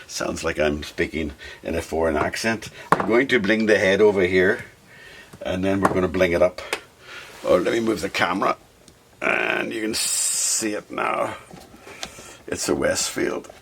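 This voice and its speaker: A man with a very low voice talks casually as he works on a guitar, thinking out loud and chatting to the viewer. Faint noise and small clicks sit behind him. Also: big pitch swings, a little slow, creaky, long pauses. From Scotland. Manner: chatty, talks to himself while working, sing-song bursts. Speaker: hobby guitar builder. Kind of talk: casual workshop vlog talk.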